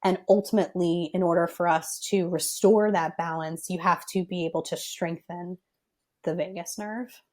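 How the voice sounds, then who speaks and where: A woman's voice: on the low side, fairly even intonation, moderate pace, darkish tone. A young adult woman, a physical therapist guest on a podcast, explaining things step by step in a thoughtful, careful way.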